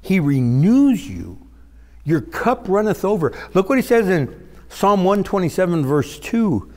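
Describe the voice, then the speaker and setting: A male pastor preaches a sermon in an animated, dramatic style, his pitch swooping suddenly upward. He keeps a measured pace, and he's in a large hall.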